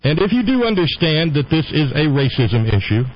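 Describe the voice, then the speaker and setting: A man's voice: on the high side, very animated, normal speed, dull audio. A man hosting a radio show, talking in a rambling, opinionated monologue. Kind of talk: casual on-air monologue.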